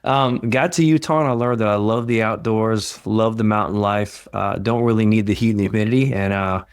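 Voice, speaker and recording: Friendly Texan man with a low voice. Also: fairly quick, clean tone, no echo, clean studio sound. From Southeast Texas. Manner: friendly, self-deprecating, storytelling. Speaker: neurosurgeon guest. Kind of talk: casual interview.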